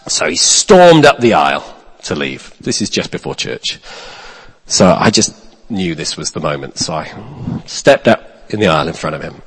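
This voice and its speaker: Male pastor, storytelling sermon: animated, loud-to-hushed swings, restarts; big reverberant church hall. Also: sits low, normal speed, husky. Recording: long reverb of a large hall.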